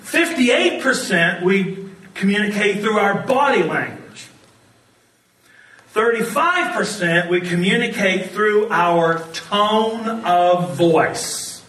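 A man preaching a sermon, telling stories in an animated way and often laughing as he talks. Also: high voice, slow, roomy sound, distant mic, poor audio. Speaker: pastor.

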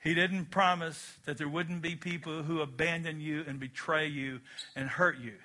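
A man preaching with a high, very bright and ringing voice. He is emphatic and animated, and he acts out little scenes as he goes. The delivery is a full sermon. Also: moderate pace. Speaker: pastor.

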